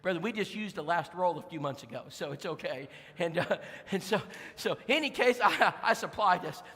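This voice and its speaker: Bright high-voiced man preaching in a hall. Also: animated, normal speed. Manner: folksy, with many fillers and restarts; acts out voices in his stories. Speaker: guest preacher. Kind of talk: storytelling sermon. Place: church auditorium.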